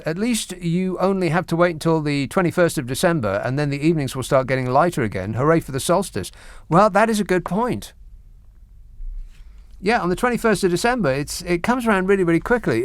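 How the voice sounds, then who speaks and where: A man's voice: a little high, no echo. Male radio host, middle-aged, dry studio mic, wry and rambling with mock outrage. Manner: wry, rambling, mock-indignant rants with hesitant restarts. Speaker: radio talk show host. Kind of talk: late-night radio phone-in chat. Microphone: studio microphone.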